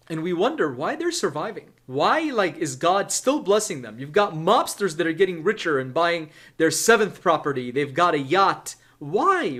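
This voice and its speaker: A man's voice: fairly high pitch, a bit bright. A man reading scripture aloud and explaining it, talking in an emphatic way that keeps checking in with the listener. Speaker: Bible teacher. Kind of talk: Bible reading with commentary.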